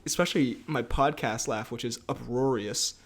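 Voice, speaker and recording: A man's voice: mid-range voice, moderate pace, a little hiss or hum. A man hosting a podcast in casual chat, jokey and rambling, laughing often. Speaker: podcast host.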